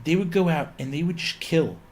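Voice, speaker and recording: A man's voice: a little high, brisk, a little mellow. Rambling man giving a casual lecture. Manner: rambling, filler-heavy, with opinionated asides.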